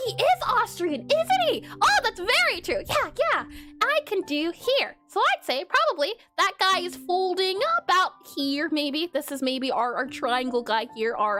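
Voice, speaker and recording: Super high bright voice, giggly woman chatting on a drawing stream, faint music behind. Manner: giggly, bubbly, many fillers. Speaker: pixel art streamer. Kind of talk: casual live-stream chat while drawing.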